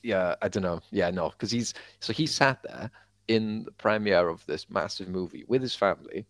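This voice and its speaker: A man co-hosting a casual podcast, an animated storyteller who fills his talk with "like" and acts out quotes. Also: sits low, normal speed, no echo. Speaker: podcast co-host. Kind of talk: casual chat.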